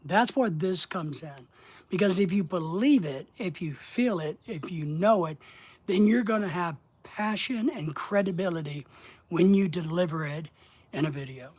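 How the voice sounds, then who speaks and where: A middle-aged man coaching about social media in a folksy, deliberate way, asking his listeners question after question and pausing often. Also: high voice, expressive, a little mellow, breathy edge. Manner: folksy, asks the audience rhetorical questions, slow deliberate pauses. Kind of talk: motivational instructional monologue.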